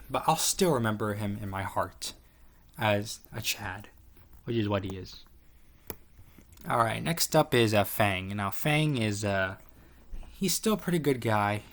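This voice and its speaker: Low-voiced but fairly bright in tone, a tier list commentator tosses off profane, casual remarks about where his online friends rank. He meanders, using lots of fillers and starting over often.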